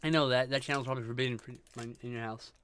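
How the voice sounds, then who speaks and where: A man's voice: mid-range voice, fairly even intonation, racing, a bit bright. A man chatting casually on a live stream while making art. He laughs often and swears in an offhand way. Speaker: streamer co-host.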